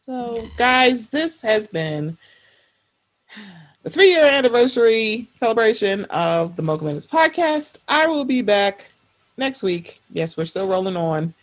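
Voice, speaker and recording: A woman in her thirties hosting a casual podcast, lively and animated, often jumping into high-pitched voices when quoting. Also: measured pace. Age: 30s. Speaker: podcast host.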